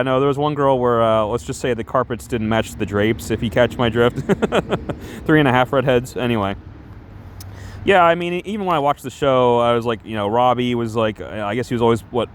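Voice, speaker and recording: A male streamer chats casually on a livestream, rambling and self-conscious, restarting half his sentences. His voice sits at an ordinary mid pitch. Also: slight background noise.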